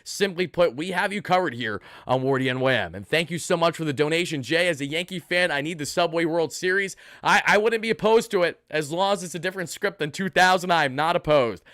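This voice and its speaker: A man's voice: on the high side, brisk, few pauses, bright, forceful tone, no echo, clean studio sound. A man hosting a live postgame stream, hyped and thanking donors one after another. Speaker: sports channel host.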